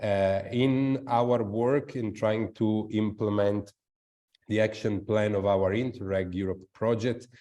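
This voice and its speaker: A man's voice: fairly low pitch, fairly even intonation, takes it slowly, mellow, highs cut off. A man presenting his project in a webinar over a video call, hesitant with many fillers.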